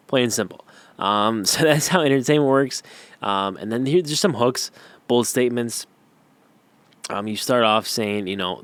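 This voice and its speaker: A man's voice: on the low side, dry recording. A young man giving a casual tutorial, talking loosely with many ums and restarts while sketching on screen. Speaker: YouTube growth course teacher.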